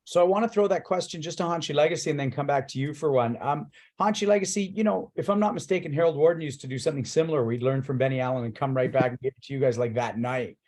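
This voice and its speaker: A man hosting a martial arts talk show asks his questions loosely, with false starts and the odd swear word. His voice sits a little higher than most men's. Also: fast, hardly any pauses, darkish tone. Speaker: podcast host. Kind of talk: casual interview chat.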